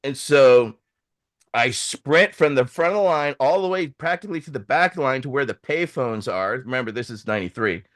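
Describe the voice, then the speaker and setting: A man's voice: mid-range voice, lively intonation, brisk, dry recording, studio quality. A middle-aged man on a podcast, telling a story in casual talk, swearing freely and acting out what others said. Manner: swearing, acts out quoted voices. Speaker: podcast host.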